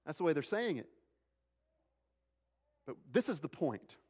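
A male pastor preaching a sermon, swinging between emphatic, raised lines and hushed, slow ones. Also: on the high side, very animated, slightly rough, in a large hall.

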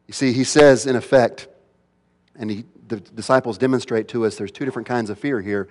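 A man's voice: medium pitch, steady tone, moderate pace, long pauses. Man preaching dramatically in an echoing hall. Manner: dramatic swings between loud pleading and hushed near-whispers. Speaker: pastor. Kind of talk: sermon. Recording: long reverb of a large hall.

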